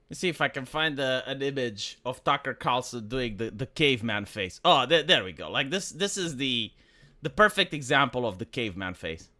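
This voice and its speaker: A man's voice: medium pitch, expressive, normal speed, sharp tone. A man from Romania ranting on a livestream, profane and full of restarts and fillers. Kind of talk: casual opinionated livestream rant.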